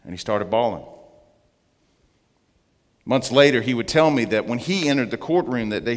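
A man giving an earnest testimony as a guest speaker in church, slowing down to stress his points. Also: medium pitch. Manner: earnest storytelling, slowing for emphasis. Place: church sanctuary. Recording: long church reverb.

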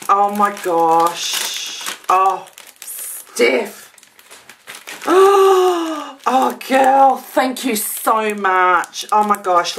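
A woman's voice: medium pitch, a bit bright, a little hiss or hum. Gushing woman, unboxing gifts. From Australia. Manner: gushing, gasping, many exclamations. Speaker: vlogger. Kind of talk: casual unboxing chat.

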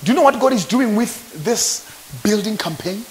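A male pastor preaches at a church conference, his voice sitting unusually high for a man. He swings widely in pitch, calling out questions for the crowd to answer. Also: expressive, normal speed, a little mellow, a little hiss or hum. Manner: fervent preaching with call-and-response questions. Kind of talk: sermon.

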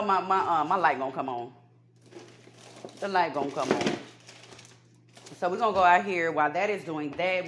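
A woman in a casual home remedy vlog, chatty and folksy, calling viewers baby and y'all, slowing down whenever she reads from her notes. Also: fairly low pitch, noisy background. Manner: slows down when reading from notes. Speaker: holistic healer vlogger. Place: home kitchen and backyard garden.

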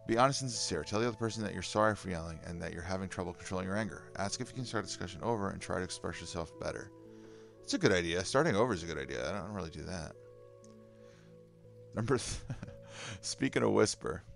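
A man's voice: sits low, animated, quick pace, creaky, fairly bright tone, soft background music. A man reading anger-management tips aloud and commenting on them candidly, in a casual vlog. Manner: reads advice aloud then comments candidly, with sighs and laughs. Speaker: vlogger. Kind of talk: casual self-help video reading and reacting.

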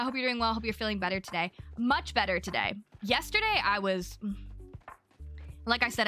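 A young woman streaming a game live, chatting casually with her viewers, bubbly and quick to thank them. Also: mid-range voice, bright, forceful tone. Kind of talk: casual live-stream chat while gaming.

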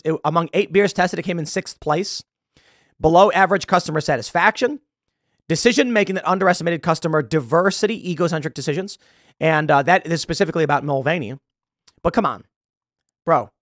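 A man hosting an opinion show, delivering a sarcastic, animated commentary monologue from a studio. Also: a little high, dry recording. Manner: sarcastic, animated, mocks with put-on quotes. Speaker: host.

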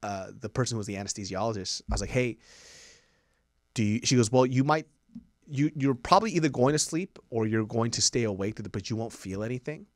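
A man co-hosting a podcast, telling stories in a lively way, acting out quotes and swearing often. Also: mid-range voice, fairly quick, dry recording, studio quality. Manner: animated storyteller acting out quotes, heavy swearing. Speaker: podcast co-host. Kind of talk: casual chat.

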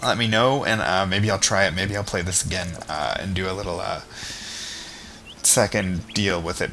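Lowish-voiced man chatting over game music. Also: pushed and bright. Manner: chatty, self-deprecating, talks to the game. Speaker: let's play gamer. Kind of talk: casual game commentary.

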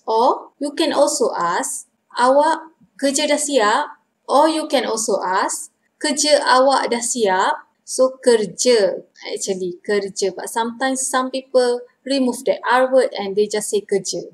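A woman with a Malaysian English accent, teaching a vocabulary lesson and patiently repeating each phrase slowly for learners. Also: a little high. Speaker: language teacher.

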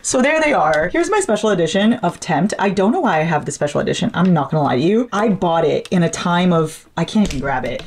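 A young woman chatting casually through a home bookshelf tour, self-mocking, with sudden excited squeals. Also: lowish voice, slightly rough. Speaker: book vlogger.

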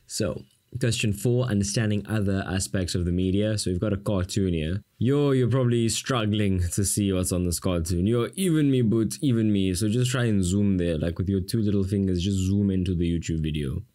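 A man's voice: sits low, brisk, mellow. A man from South Africa with a South African accent, giving a casual exam-prep lesson as a tutor with sarcastic, jokey asides to the viewer.

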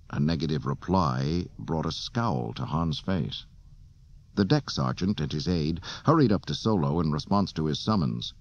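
A man narrating an audiobook in a lively, dramatic storytelling manner. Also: extremely low pitch, normal speed, no room sound. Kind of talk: scripted narration. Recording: dull dry cassette audio.

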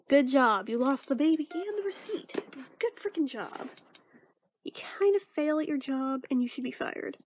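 A woman's voice: high voice, animated, normal speed, a little hiss or hum. A woman commentating casually as she plays a game, with sarcastic, grumbling asides. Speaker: let's play host.

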